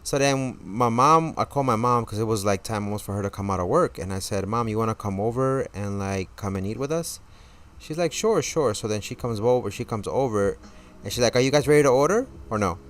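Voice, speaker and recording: A gaming streamer tells a story casually on a live stream, swearing often and stammering through restarts at a fairly quick pace. When he acts out his outrage, his voice leaps high and loud.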